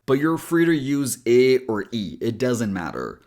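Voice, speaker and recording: Slow, lively-voiced male pronunciation coach. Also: mid-range voice. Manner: slow, drawn-out demonstration of sounds. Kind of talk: pronunciation lesson.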